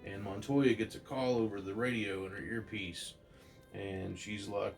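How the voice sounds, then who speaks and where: A man casually retelling a holiday comic story, rambling and excited, with restarts. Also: on the low side, a little slow, vocal fry, faint music behind. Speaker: comic book reviewer.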